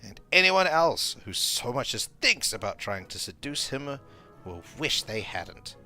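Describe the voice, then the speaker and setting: A man's voice: medium pitch, very animated, measured pace, sharp tone, faint music behind, heavily acted. A man voicing a playful, possessive fairy ruler in a sing-song, faintly posh reading voice while he plays a game. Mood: jealous. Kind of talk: reading game dialogue aloud.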